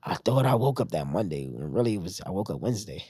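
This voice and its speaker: A man's voice: low voice, fast talker, breathy edge, dry recording. A man telling his own story in a casual interview, acting out what other people said to him. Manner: animated retelling, acting out others' lines. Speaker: podcast guest.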